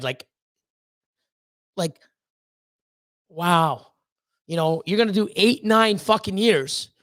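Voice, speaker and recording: Livestream host, reptile breeder; blunt, profane, heated, restarts a lot. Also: mid-range voice. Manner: emphatic repeated pleading. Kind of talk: casual livestream talk to chat.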